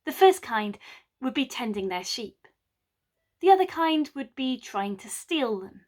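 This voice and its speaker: Wry woman storyteller, slightly high. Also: a little slow. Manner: lively, wry asides to the listener. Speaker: storyteller, medieval drama scholar. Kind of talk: oral storytelling of a medieval play.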